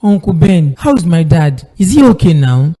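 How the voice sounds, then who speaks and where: A man's voice: a little high, sing-song, moderate pace, dark tone, husky. An actor playing a distressed young man pleading over his father. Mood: grieving. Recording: long hall reverb.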